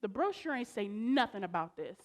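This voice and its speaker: A woman's voice: medium pitch, fairly quick, natural voice. A teenage girl acting on a school stage as an exasperated young college woman trying to keep the peace. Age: teens. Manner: exasperated, expressive. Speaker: student actor.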